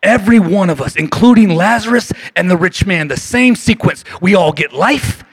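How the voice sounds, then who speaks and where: A male pastor preaching a passionate sermon to his congregation, calling for responses and swinging between shouts and hushed lines, his voice going hoarse. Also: high voice, lively intonation, moderate pace, no room sound. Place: church sanctuary.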